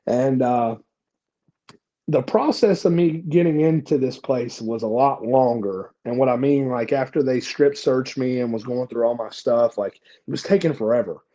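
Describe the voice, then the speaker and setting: Young man, casual storytelling, swearing, fillers, mellow voice, dull lo-fi audio. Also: medium pitch, normal speed. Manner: profane, self-mocking, lots of fillers. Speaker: podcast guest.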